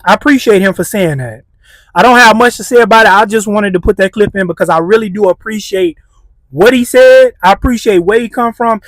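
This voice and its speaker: A man's voice: sits high, brisk, fairly bright tone, no echo. A man hosting a reaction commentary, blunt and heated, with street slang. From United States. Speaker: commentary channel host.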